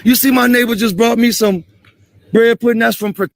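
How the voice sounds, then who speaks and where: A man confronting police on a street, angry and profane, repeating himself and shouting at times. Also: very high voice, fairly even intonation, fairly quick, vocal fry, no room sound.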